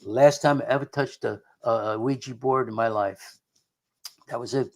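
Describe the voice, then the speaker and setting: A middle-aged man telling a story of his own past as a radio guest. His voice sits at an ordinary male pitch, and he wanders through the tale with many restarts, repeated words and quoted lines of what people said. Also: fairly even intonation, moderate pace, a little mellow. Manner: rambling, full of restarts and quoted dialogue. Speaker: guest investigator of the unexplained.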